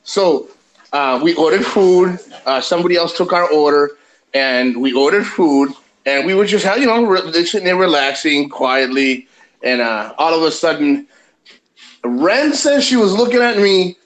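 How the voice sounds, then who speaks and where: A man casually telling a rambling, animated travel story on his vlog, swearing freely. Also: fairly high pitch, measured pace, rough recording. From USA.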